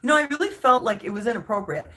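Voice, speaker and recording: A woman's voice: on the high side, animated, very fast, sharp tone. A woman vlogger telling a story in a casual, emphatic rant, exasperated and full of restarts.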